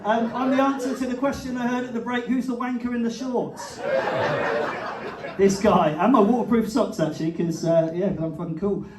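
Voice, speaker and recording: Quick and high-pitched, this male comic barely pauses as he compères a village-hall show, doing stand-up and bantering cheekily with the audience, swearing and ribbing them. The recording has background noise, with a far-off mic, hall echo and laughter from the crowd.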